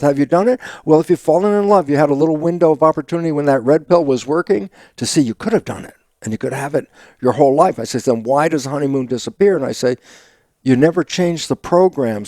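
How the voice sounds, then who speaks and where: Older male interview guest, gravelly tone, dry close sound, animated storyteller who voices his own quotes. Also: mid-range voice, no room sound. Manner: acts out his own inner dialogue in quoted exchanges, laughing often. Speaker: guest, stem cell biologist.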